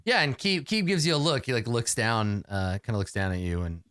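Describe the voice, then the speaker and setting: A man narrating a tabletop game as game master, telling the scene in a chatty, animated way. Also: mid-range voice, fairly quick, clean tone, no echo, studio quality.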